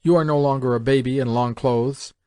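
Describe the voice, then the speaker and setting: A man's voice: medium pitch, fairly even intonation, brisk, mellow, clear, resonant tone, dry recording, clean studio sound, close to an everyday voice. A man voicing a young man, a worldly elder brother who talks in a knowing, dismissive way. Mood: contemptuous.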